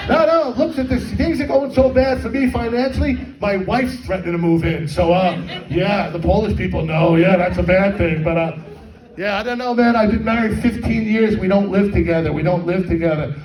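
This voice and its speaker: A man's voice: high-pitched, moderate pace, a little mellow. A middle-aged man doing a stand-up comedy set, with crude, rambling, self-mocking crowd work. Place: comedy fundraiser hall with live audience. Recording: echoey hall with audience, mic at a distance.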